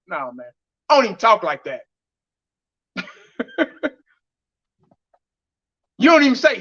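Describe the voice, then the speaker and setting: A man's voice: extremely high pitch, big pitch swings, a little slow, pauses often, sharp tone. A man giving blunt, heated fan commentary on his vlog, laughing mockingly as he rants. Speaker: fan vlogger. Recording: dull lo-fi audio.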